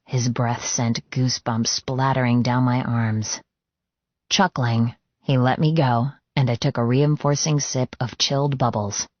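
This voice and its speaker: A man giving a measured, even and intimate scripted audiobook narration. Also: mid-range voice, no room sound. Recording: dull, lo-fi dry studio read.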